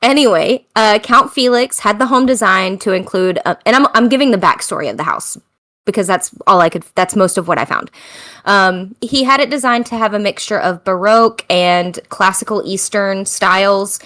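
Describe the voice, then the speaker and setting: A woman's voice: mid-range voice, normal speed, sharp tone. An American woman hosting a podcast in casual chat, tired, chatty and self-mocking, laughing often. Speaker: podcast host.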